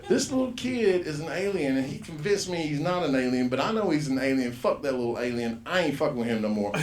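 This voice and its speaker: A man's voice: a little high, expressive, a little fast. Man in his fifties doing rowdy stand-up, swears a lot, voices everyone, echoey club room. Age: 50s. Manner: profane, rambling, acts out characters loudly. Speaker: stand-up comedian. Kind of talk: stand-up comedy set. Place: comedy club stage.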